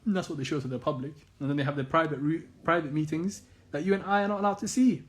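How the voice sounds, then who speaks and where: A man's voice: on the high side, fairly even intonation, quick pace. A man giving an earnest monologue as an Islamic commentator, insistent and repeating phrases and rhetorical questions.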